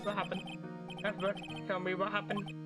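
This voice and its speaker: A woman's voice: mid-range voice, monotone, normal speed, close to an everyday voice. A woman voicing an earnest, insistent young male defense lawyer while reading game dialogue. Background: game music.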